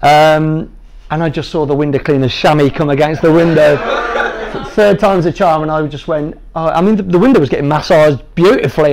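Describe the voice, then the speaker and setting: A man's voice: a little high, brisk, noisy background. A man in his thirties telling a personal story to a training group, jovial and self-deprecating, making light of hard things. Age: 30s. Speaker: guest speaker sharing his patient story.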